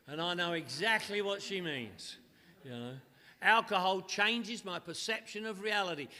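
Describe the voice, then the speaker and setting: Wisecracking man with a bright, high voice. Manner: wisecracking, punchy storyteller. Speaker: AA speaker. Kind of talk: humorous recovery talk at a meeting. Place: meeting hall with a live audience. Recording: live talk in a reverberant hall.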